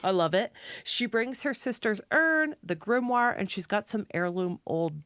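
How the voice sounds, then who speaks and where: A woman co-hosting a podcast in casual book chat, telling the plot with lively storytelling, frequent laughs and free swearing. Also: mid-range voice, moderate pace, smooth, dry recording, clean studio sound. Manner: animated storytelling, swears freely, laughs often. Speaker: podcast co-host.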